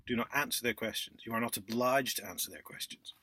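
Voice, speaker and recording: A man vlogging in a casual, indignant monologue, sarcastic, with loud outbursts and muttered asides. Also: mid-range voice, fast. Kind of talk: casual ranting monologue to camera.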